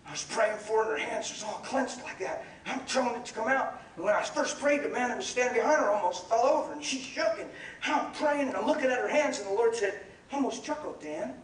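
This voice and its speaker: A man preaching a sermon and telling stories, animated, laughing, and shouting at the peaks. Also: very high voice, quick pace, hardly any pauses, a little hiss or hum. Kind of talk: sermon with storytelling. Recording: echoey hall from far off with crowd.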